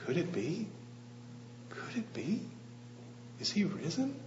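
A man's voice: high voice, very animated, takes it slowly, voice pushed up, heavily acted. A man voicing an impulsive, self-assured male disciple within a sermon, in an echoey, slightly dull room with a faint hum. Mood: hushed wonder.

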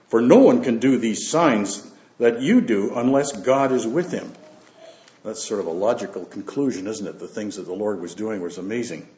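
A man preaches to his church in an unhurried way, reading scripture aloud and breaking off for asides and fillers between verses. His voice sits in a middle pitch. It comes through a roomy, somewhat dull lo-fi recording of the church. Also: darkish tone. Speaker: pastor.

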